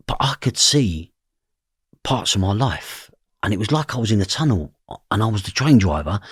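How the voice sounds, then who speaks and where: A man's voice: mid-range voice, breathy edge, no echo, clean studio sound. A middle-aged man, a podcast guest, telling his story intensely and bluntly, swearing and often asking if you know what he means. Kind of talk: intense first-person storytelling.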